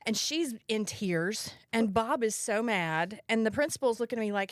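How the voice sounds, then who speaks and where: A woman's voice: fairly high pitch, animated, brisk, hardly any pauses, no echo, clean studio sound. A woman hosting a podcast, telling a personal story in a candid, wry way with a casual chat style. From Mississippi, US. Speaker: podcast host.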